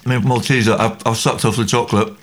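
A man's voice: lowish voice, steady tone, fast. A man co-hosting a podcast, chatting casually in a playful, rambling, giggly way. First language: not English. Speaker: podcast co-host. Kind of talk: casual chat.

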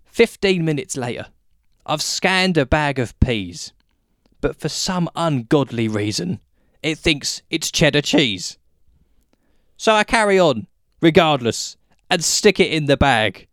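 A man's voice: mid-range voice, fairly bright tone, dry recording, studio quality. A British man hosting a podcast and reading his own comic rhyming poem in a wry, self-mocking way. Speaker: podcast host.

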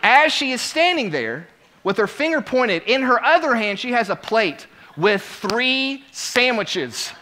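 A man preaching a sermon, telling a story with lively swings between quiet asides and loud exclamations. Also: very high voice, a little slow, a little hiss or hum. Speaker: pastor.

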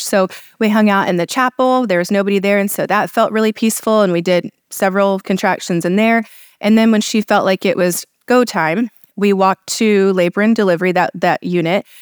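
A woman's voice: mid-range voice, clear, resonant tone, no room sound, studio quality. A woman in her thirties, a podcast guest, telling her birth story in an earnest, emotional way with many fillers.

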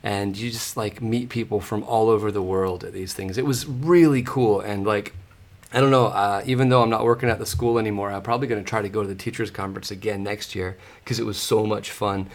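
An American man and musician, a guest on a casual podcast, telling stories in a loose, animated way. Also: lowish voice, a little fast. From United States. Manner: animated storyteller, loose and laughing.

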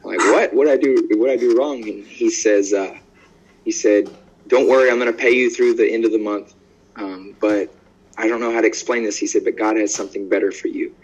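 A man's voice: lowish voice, fairly quick, breathy edge, muffled recording. A man, an evangelist guest on a podcast, telling stories boldly and acting out the dialogue in them. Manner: lively storyteller acting out quoted dialogue; bold and outspoken. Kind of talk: conversational podcast interview.

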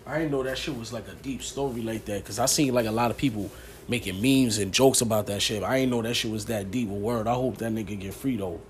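A man co-hosting a podcast, talking in a relaxed, slangy way and mostly agreeing. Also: fairly low pitch, fast talker, slight background noise. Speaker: podcast co-host. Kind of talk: casual podcast banter.

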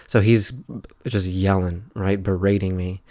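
A young man talks on his solo podcast in a relaxed, rambling way, filling his pauses with "um" and "right?". His voice sits low. The recording is close and dry, with no room sound. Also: dry recording. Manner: rambling, laid-back, many fillers and "right?". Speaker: podcast host. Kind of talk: casual solo podcast monologue.

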